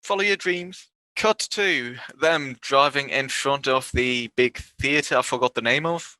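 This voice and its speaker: A man with a bright, forceful voice summarizes a film's plot in casual podcast talk. When he quotes the characters, his pitch jumps way up. The sound is dry and close. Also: unhurried, dry recording. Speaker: podcast co-host. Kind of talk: casual movie recap chat.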